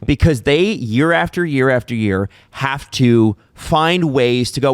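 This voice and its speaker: Man, podcast co-host, animated pitch, opinionated, dry close sound. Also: a little slow, hardly any pauses, clear, resonant tone, no echo. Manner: opinionated, emphatic. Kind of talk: casual sports talk.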